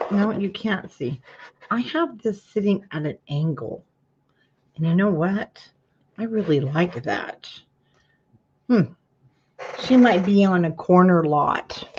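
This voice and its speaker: A woman's voice: fairly low pitch, expressive, a little slow, long pauses, a little mellow, breathy edge, lo-fi sound. A woman hosting a live craft tutorial, chatting to her viewers while she works and yawning now and then. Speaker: craft class host.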